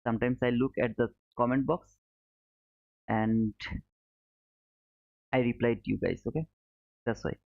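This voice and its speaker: A man's voice: medium pitch, steady tone, unhurried, creaky, pauses often. Male trading streamer, mid-range voice, tinny lo-fi audio, casual step-by-step chart commentary. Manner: explains step by step, repeats points, calls viewers brother. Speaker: trading educator streaming live. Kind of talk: live chart commentary answering chat. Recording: narrow phone-like audio.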